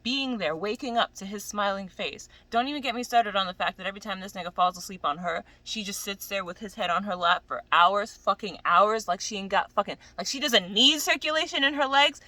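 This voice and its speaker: A woman with a medium-pitched voice rants casually about an anime she's watching, swearing and sounding exasperated and animated. She talks briskly with hardly any pauses, and the audio is poor but has no echo.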